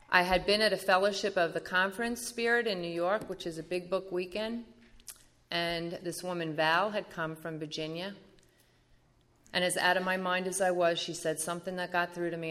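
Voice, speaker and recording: A woman giving an animated personal recovery testimony at a meeting, acting out the dialogue as she goes. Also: lowish voice.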